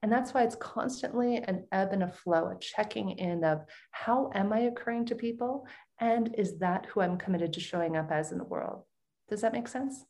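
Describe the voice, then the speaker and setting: A middle-aged woman, a podcast guest, telling a personal story in a lively, expressive way and laughing often. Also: mid-range voice, normal speed.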